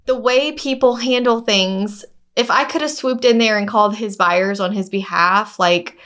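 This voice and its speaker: A woman's voice: mid-range voice, moderate pace. A woman co-hosting a podcast as a real estate agent, telling a story in casual chat and acting out the dialogue. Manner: animated storyteller who acts out quoted dialogue.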